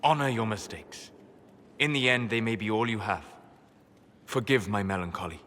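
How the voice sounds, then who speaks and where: An actor playing a wise, melancholy male elven mage in a video game, calm and measured like a lecturer. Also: lowish voice, in a large hall, close to an everyday voice.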